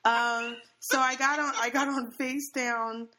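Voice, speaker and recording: A young woman chatting casually and telling a story in a slightly high voice. She talks in an animated way, laughs a lot and acts out what people said to her. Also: measured pace, a little hiss or hum.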